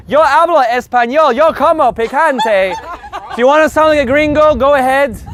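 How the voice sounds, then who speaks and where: A man teaching a live group Spanish lesson in an energetic, joking, profane way. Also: extremely high pitch.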